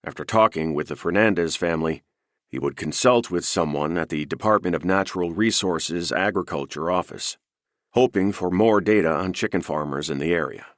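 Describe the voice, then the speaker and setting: A man narrating a thriller audiobook in a steady, measured reading. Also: low-pitched, dry recording.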